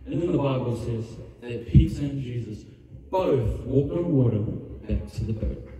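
A man's voice: mid-range voice, lively intonation, moderate pace, crowd noise. A man preaching an evangelist's sermon with passion, building to a fervent altar call and prayer. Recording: roomy hall reverb, distant mic. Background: music under the preaching.

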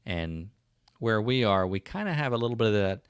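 A man's voice: lowish voice, animated, a little fast, smooth, no room sound, clean studio sound. A man with a South Jersey accent hosting a casual livestream, rambling with many fillers and restarts as he answers viewer comments. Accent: South Jersey / Philadelphia. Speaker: livestream host.

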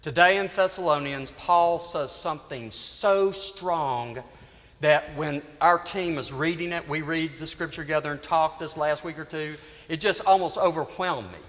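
A man priest preaching a sermon in a church, telling a story earnestly with dramatic pauses. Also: on the high side, fairly bright tone. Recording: reverberant church hall.

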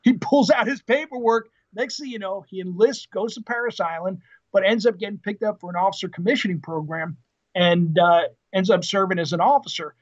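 A man in his fifties tells his stories in a lively, casual way, with plenty of fillers and laughs. His voice sits high for a man. The podcast audio is dull and lo-fi. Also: fairly quick. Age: 50s. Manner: lively anecdotal storyteller, frequent fillers and laughs. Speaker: podcast guest, retired Marine officer. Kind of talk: casual interview storytelling.

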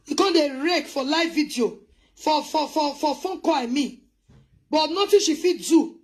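High-voiced Nigerian woman ranting. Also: moderate pace. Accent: Nigerian Pidgin English. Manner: animated, scolding, mixes English with local languages. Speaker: host. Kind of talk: live commentary on online drama.

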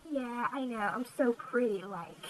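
A man's voice: very high-pitched, measured pace, a bit bright, a little hiss or hum, pitched above the performer's own voice, rough recording. A man doing a ditzy valley-girl caller. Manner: valley-girl drawl, airheaded.

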